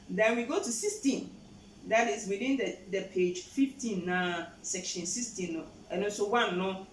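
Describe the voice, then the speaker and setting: A woman's voice: on the high side, reverberant, distant mic, a little hiss or hum, rough recording. A Ghanaian woman hosting a show, passionately explaining the law and switching between English and Twi. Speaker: host.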